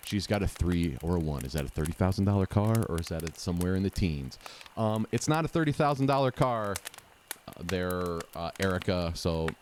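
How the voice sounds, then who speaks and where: A man's voice: sits low, lively intonation, brisk, darkish tone, a little hiss or hum. A man giving sarcastic, mocking play-by-play of a game show rerun, talking back at the screen. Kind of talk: casual sarcastic play-by-play commentary.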